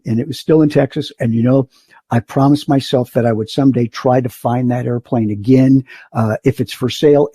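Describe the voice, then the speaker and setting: This older man, a flight instructor, has a slightly rough, mid-range voice captured on a dry recording. During a podcast interview he tells stories with animation, acting out how others sounded.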